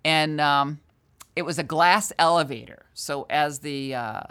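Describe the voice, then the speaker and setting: Older female sales trainer, low voice, candid and animated storyteller. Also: a little slow, clear, resonant tone. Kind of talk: storytelling in a conversational interview.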